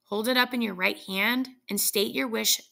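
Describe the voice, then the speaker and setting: A woman reading the lines of a grave, stubborn old male soldier who speaks slowly and solemnly. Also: on the high side, steady tone, creaky, pushed and bright. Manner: slow, solemn delivery.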